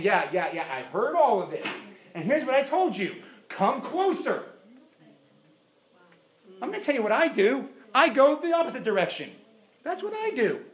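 Animated preacher man, high lively voice. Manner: animated preaching, acts out quoted prayers, swings from loud to hushed. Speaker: pastor. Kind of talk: sermon. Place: church.

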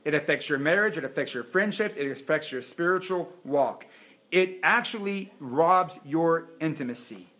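Animated preacher man, high lively voice. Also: moderate pace. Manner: animated preaching, acts out quoted prayers, swings from loud to hushed. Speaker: pastor. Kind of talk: sermon. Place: church.

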